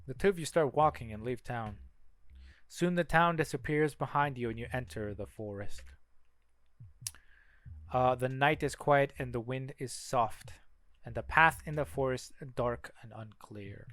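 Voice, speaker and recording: A man's voice: medium pitch, measured pace, fairly bright tone, no echo. Man reading a story game aloud. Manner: casual asides between lines.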